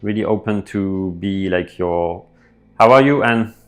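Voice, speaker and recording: Soft background music plays as a man on a live coding stream reads out viewer messages and answers them off the cuff. He sounds relaxed, thinking aloud with lots of fillers, in a lowish voice at a measured pace.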